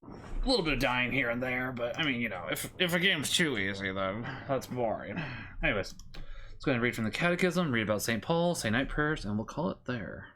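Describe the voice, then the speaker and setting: A man streaming a game, thinking aloud in a relaxed way and reading passages aloud plainly. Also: mid-range voice, brisk. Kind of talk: casual gameplay commentary and prayer reading.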